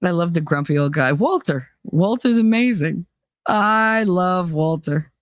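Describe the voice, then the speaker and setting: A woman's voice: on the low side, lively intonation, a little slow, no room sound. Woman stream host, giggly and rambling, casual chat, dry close sound. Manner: rambling and giggly, laughs often; fond of loud, over-the-top talk.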